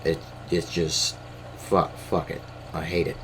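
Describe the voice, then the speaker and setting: A man's voice: low-pitched, flat delivery, unhurried, noisy background. A man in young adulthood hosting his own podcast, ranting in a rambling, profane way with lots of fillers and restarts. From United States. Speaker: podcast host. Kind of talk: casual solo rant.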